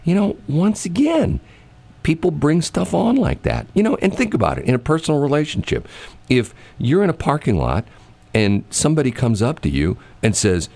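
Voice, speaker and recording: A man's voice: on the high side, huge pitch swings, moderate pace, creaky, a little mellow. A man hosting a casual talk show. He rambles and fills his talk with "you know" and "I mean". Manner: acts out quoted voices while telling stories. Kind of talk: casual chat.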